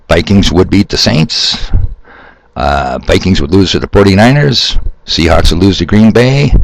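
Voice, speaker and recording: A man's voice: on the low side, vocal fry, dry recording, rough recording. A man hosting his own video, talking off the cuff to his viewers in a rambling, sarcastic, preachy way. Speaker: video host. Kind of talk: improvised monologue to viewers.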